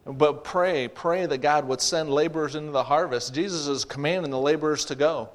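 A man's voice: a little high, fairly quick. Emphatic man preaching a sermon. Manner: emphatic preaching with repeated phrases and rising volume.

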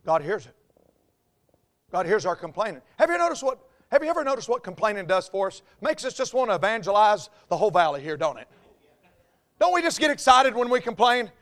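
A pastor from the American South preaches a folksy sermon packed with jokes, his Southern accent swinging between quiet asides and loud outbursts. His voice sits high and he talks very animatedly and briskly.

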